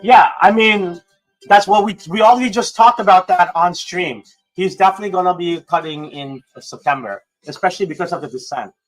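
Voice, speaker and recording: A man hosting a casual livestream, excitable and prone to swearing, swinging between hyped outbursts and low mumbling. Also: fairly quick, soft background music. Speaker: livestream host.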